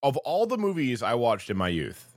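A man's voice: medium pitch, huge pitch swings, dry recording. A man co-hosting a podcast who drops wry one-liners in easy conversation. His voice sits in a middle range and is recorded dry and close, with no room sound. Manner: wry, quick jokes. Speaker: podcast co-host running the soundboard. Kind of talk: casual chat.

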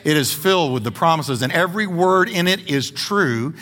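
Emphatic preacher with a bright, ringing voice. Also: male voice, fairly high pitch, expressive, moderate pace, long reverb tail. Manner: emphatic preaching, repeating words for stress; folksy humor with the congregation. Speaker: pastor. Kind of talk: sermon. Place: church sanctuary.

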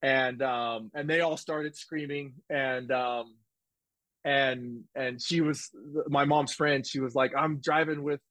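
A man telling a personal story in a casual interview, animated and rambling, with restarts and quoted dialogue. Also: medium pitch, slow, no echo, rough recording. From United States. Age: 20s. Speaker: guest, former football player. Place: home office.

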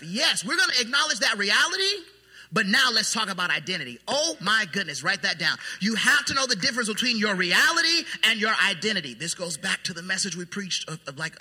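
A man preaching a sermon as pastor, emphatic and then quietly intense. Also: high voice, husky. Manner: emphatic preaching that drops to soft, hushed intensity. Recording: long hall reverb.

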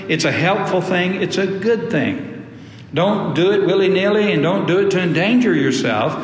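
High-pitched male pastor preaching, hammers key phrases, echoey church hall. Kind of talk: sermon. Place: church sanctuary.

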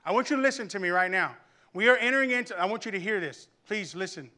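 A man's voice: high-pitched, sing-song, quick pace, bright, forceful tone. A man preaching a sermon to a congregation, building intensity with repeated phrases and folksy storytelling. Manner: preaching with rising intensity and repetition; tells humorous family anecdotes to the congregation. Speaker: pastor.

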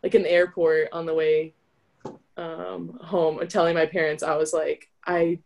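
A woman's voice: low voice, level tone, measured pace, vocal fry, a little mellow. Chatty young woman telling a story. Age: young adult. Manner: chatty, with frequent filler "like". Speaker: interview guest, college volleyball player. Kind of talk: casual storytelling.

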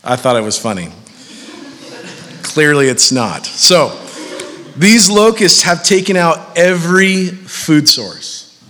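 A man's voice: on the high side, animated, slow pace, pauses often, fairly bright tone, big-room sound, a little hiss or hum. A man preaching a sermon as pastor, talking conversationally and animatedly with frequent fillers and repeats.

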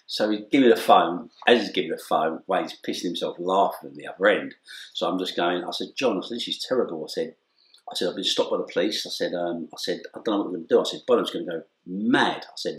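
A middle-aged man telling an anecdote in casual conversation, acting out the dialogue and laughing often. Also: sits low. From England. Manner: animated storyteller, acts out dialogue, laughs often. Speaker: interview guest. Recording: echoey room.

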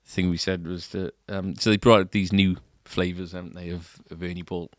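A man's voice: low-pitched, flat delivery, normal speed, no room sound, clean studio sound. A man co-hosting a casual shop podcast, chatty and rambling, laughing easily. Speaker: podcast co-host, guitar shop staff. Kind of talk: casual chat.

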